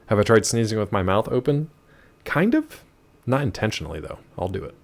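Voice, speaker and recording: Male streamer, casual and chatty, lowish voice with very animated pitch. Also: brisk, creaky. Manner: chatty, answers chat mid-game, wry asides. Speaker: streamer playing a video game. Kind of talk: casual live-stream chat.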